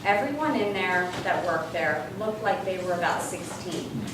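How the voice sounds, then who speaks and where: A woman's voice: fairly low pitch, normal speed, noisy background. Woman telling a funny story in a hall. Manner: animated, comic timing. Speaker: guest speaker. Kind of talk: humorous storytelling speech. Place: large hall with live audience. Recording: echoey hall from far off. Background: room ambience and audience laughter.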